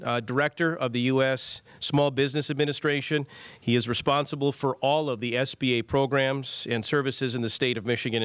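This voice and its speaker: A man acting as emcee, introducing the next speaker in a halting way with many fillers. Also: medium pitch, a bit bright, clear, resonant tone, no room sound. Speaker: event emcee.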